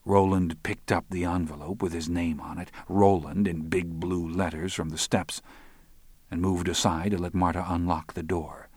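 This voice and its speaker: Deep-voiced male audiobook narrator. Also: level tone, moderate pace, darkish tone, husky, no room sound.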